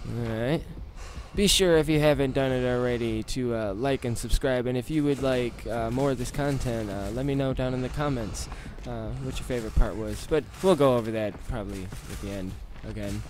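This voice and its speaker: A man with a mid-range voice hosts his gaming channel, giving excited play-by-play, pleading with the killer, cursing and shouting in panic. He also makes quiet, relaxed asides to viewers, and there's background noise.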